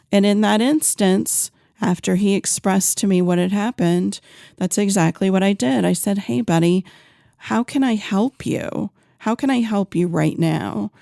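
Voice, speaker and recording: A woman hosting a parenting podcast, talking on her own in an earnest, unhurried way with some fillers and restarts. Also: lowish voice, vocal fry, dark tone, no room sound, clean studio sound. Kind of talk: solo podcast talk.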